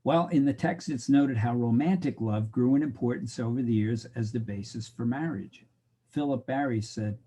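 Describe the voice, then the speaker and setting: A man's voice: medium pitch, normal speed, dark tone, husky. Wry joking male college lecturer. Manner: joking, wry, talks to the class directly. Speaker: college instructor. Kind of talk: recorded lecture.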